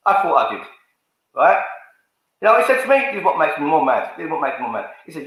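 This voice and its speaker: Brief: man, bright high voice, confrontational swearing rant, very echoey room. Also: big pitch swings, fast. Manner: confrontational, swearing, repetitive, calls people out. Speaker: fan channel YouTuber. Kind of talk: angry rant to camera.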